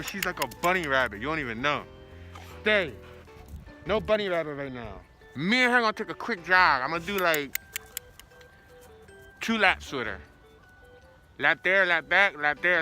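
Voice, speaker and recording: Breathless, excitable vlogger man outdoors. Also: fairly high pitch. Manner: excitable, slangy, talks to his dog. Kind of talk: casual vlog chat while jogging with his dog. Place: outdoors on a street. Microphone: handheld camera.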